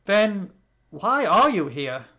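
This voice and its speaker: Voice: mid-range voice, sing-song, slow pace, pushed and bright, a little hiss or hum, full character voice. A British player reading a hostile fish warrior. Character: fierce female fish warrior, hostile and proud.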